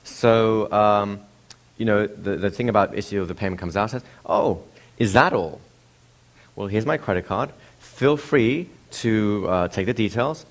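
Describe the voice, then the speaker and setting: A man giving a lecture, telling a story with rhetorical questions to the audience in an animated way. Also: fairly low pitch, a little slow. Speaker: seminar presenter.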